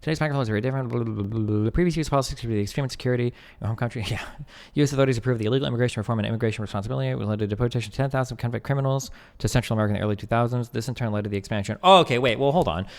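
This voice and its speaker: Young man streaming with a reverby mic. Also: mid-range voice. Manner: reads text aloud quickly, breaks off to chat and joke; swears casually. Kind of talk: casual live-stream commentary.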